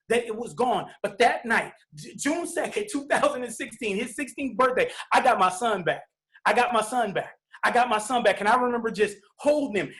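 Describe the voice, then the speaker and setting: A middle-aged man giving an emotional personal testimony about being a father, talking in a heartfelt, halting way with many restarts and repeated phrases. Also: very high-pitched, fairly bright tone.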